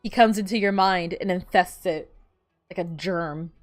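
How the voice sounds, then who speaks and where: Unhurried and fairly low-pitched, a woman streamer chats casually as she plays, spinning rambling stories thick with fillers. Faint music sits behind her voice, and there's no echo.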